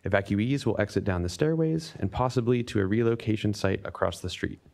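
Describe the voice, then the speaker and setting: A man's voice: lowish voice, fairly quick, vocal fry, darkish tone. A man hosting a public seminar, reading safety notes and a speaker introduction from a script with small slips and restarts. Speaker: event host introducing a speaker.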